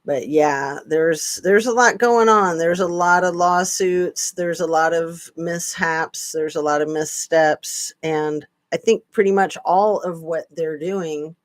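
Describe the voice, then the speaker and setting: A woman's voice: on the low side, takes it slowly, few pauses, no room sound. A woman hosting a casual live-stream chat, chatty with sarcastic asides. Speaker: channel host.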